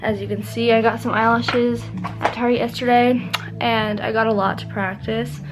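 A teenage girl vlogging casually, bubbly and gushing, with quick asides. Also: fairly high pitch, little pitch movement, music in the background. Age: teens. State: groggy morning voice. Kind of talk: casual vlog chat.

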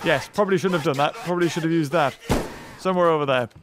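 A man giving excitable gameplay commentary, laughing often and yelping at jump scares. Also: a little high, rapid-fire. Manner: excitable, laughs a lot, yelps and shouts at scares. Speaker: gaming YouTuber.

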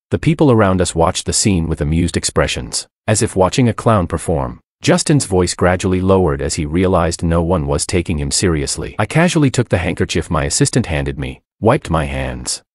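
A man narrating a first-person drama story in a measured, expressive reading. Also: low-pitched, no echo, clean studio sound. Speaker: audiobook narrator.

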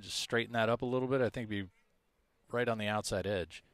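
A man calling a high school baseball game play by play, reading out stats in a measured way. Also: a bit bright. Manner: measured, stat-heavy, self-deprecating asides. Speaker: play-by-play announcer.

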